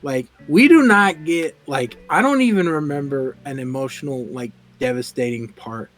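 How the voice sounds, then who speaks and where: A man co-hosting a casual podcast chat, animated and quick to laugh, often repeating words when he gets excited. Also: medium pitch, soft background music. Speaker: podcast co-host.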